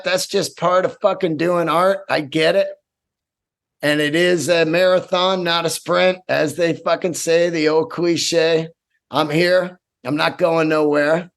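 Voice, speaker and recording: Excitable profane man in his fifties. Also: a little high, gravelly. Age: 50s. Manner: excitable, profane, rambling with restarts. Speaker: podcast host and stand-up comedian. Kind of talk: casual solo podcast storytelling.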